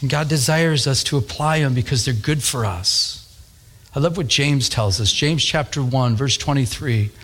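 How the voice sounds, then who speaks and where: A man preaching a sermon, telling a childhood story in an animated way and acting out the voices. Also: mid-range voice, normal speed. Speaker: pastor.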